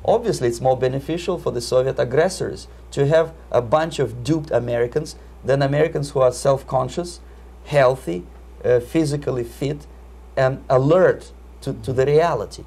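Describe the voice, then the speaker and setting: A man with a Russian accent answering interview questions in a measured, emphatic way, often repeating words. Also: medium pitch, vocal fry, dark tone, slightly rough. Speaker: interviewee, Soviet defector. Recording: 1980s video interview.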